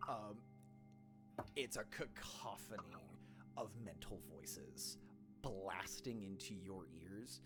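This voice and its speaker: A man with a fairly low voice narrates a tabletop game as game master. He talks casually and playfully, with plenty of fillers. Clear music plays behind him. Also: slow pace. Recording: background music.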